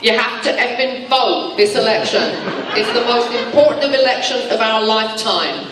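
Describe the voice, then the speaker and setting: Blunt fiery woman in a noisy hall. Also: a little high. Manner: blunt, fiery, quick to joke. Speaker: panel guest actor. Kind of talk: casual panel banter. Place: convention hall panel. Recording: echoey hall from far off with loud crowd.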